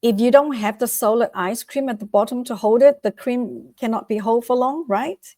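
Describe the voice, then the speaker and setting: A middle-aged woman from Vietnam, a guest author and life coach, answering interview questions with animated, repeated motivational advice and acted-out quotes. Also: fairly high pitch, normal speed, dry recording, studio quality. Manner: animated, acts out quoted voices, repeats phrases for emphasis.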